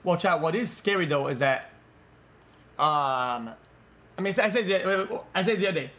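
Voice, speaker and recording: A man reacting to a video on a live stream, talking bluntly, swearing and repeating himself in quick bursts. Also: fairly high pitch, expressive, fairly bright tone.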